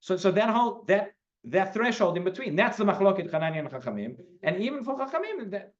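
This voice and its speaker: Quick-talking rabbi teaching a class. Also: male voice, high-pitched. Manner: animated, rephrases and restarts often. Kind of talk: Talmud class, explaining and debating. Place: synagogue hall. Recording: lo-fi recording.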